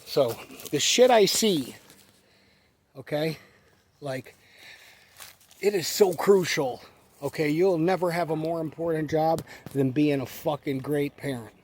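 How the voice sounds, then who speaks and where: A man's voice: a little high, measured pace, warm tone, slight background noise. A man in his forties giving a blunt, profane casual rant to the camera, repeating himself for emphasis. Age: 40s. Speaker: vlogger.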